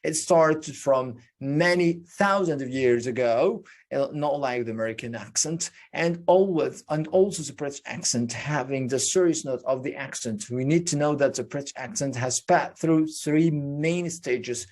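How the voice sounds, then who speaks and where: A teacher leads an online pronunciation lesson at a very unhurried pace, in a mid-range voice. Each sound is repeated and drilled carefully, and explanations come step by step, framed by questions the teacher asks and then answers. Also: medium pitch, a little mellow. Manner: slow and deliberate, drilling sounds with many repetitions. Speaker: English speaking teacher.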